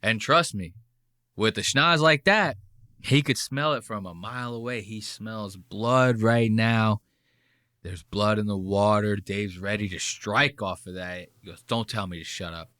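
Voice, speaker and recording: A man's voice: lowish voice, unhurried, sharp tone, clean tone, no room sound, clean studio sound. A man hosting a podcast and commenting on clips in a casual, rambling, profane way. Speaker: podcast host.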